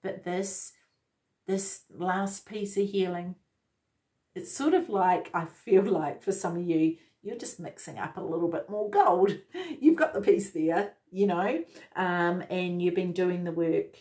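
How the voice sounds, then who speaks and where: A woman's voice: fairly low pitch, a little slow, darkish tone. A woman giving a casual, effusive tarot reading, talking straight to the viewer. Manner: enthusiastic, effusive, addresses viewer directly. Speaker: tarot reader.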